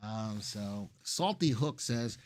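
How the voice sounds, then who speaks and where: A man's voice: lowish voice, lively intonation, takes it slowly. A man co-hosting a live market show, chatting casually and reading viewer comments aloud. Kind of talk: casual live-stream chat.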